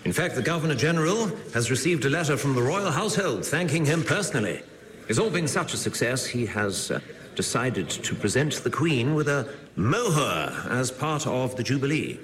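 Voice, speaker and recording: A posh British official. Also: male voice, medium pitch, sing-song, normal speed, a bit bright. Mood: formal. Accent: upper-class British. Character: stiff British official in colonial India, middle-aged. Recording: film clip with long reverb and faint ambience.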